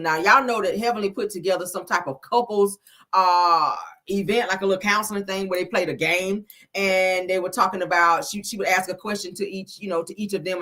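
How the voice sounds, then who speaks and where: Brief: woman gossip host, lower-pitched voice, sassy and profane, animated storytelling. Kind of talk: casual reality-TV gossip commentary.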